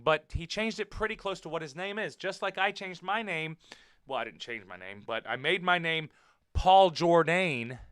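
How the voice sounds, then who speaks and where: An American man talking off the cuff on his wrestling podcast, pushing his words out with a bright, forceful edge. His voice sits a little high and sounds smooth and resonant, and the sound is dry and close. He is blunt, swears freely, and circles back to repeat his points. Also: no room sound. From United States. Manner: animated and blunt, swears, repeats himself for emphasis. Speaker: podcast host and professional wrestler. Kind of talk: casual wrestling commentary podcast.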